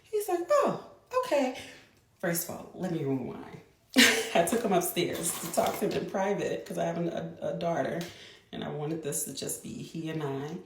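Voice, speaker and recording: Low-voiced woman telling a story. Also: noisy background. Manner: chatty, quick bursts with restarts. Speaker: mother. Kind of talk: casual storytelling vlog. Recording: echoey room.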